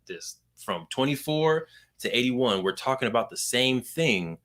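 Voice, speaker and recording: A young adult man hosting a podcast, talking in a casual, energetic and playful way. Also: medium pitch, a little slow. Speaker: podcast host.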